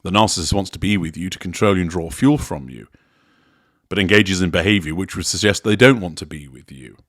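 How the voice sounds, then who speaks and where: A man giving a measured, deliberate analytical commentary, explaining a recorded interaction step by step. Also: low-pitched, fairly bright tone, dry recording, studio quality. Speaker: commentator on narcissism.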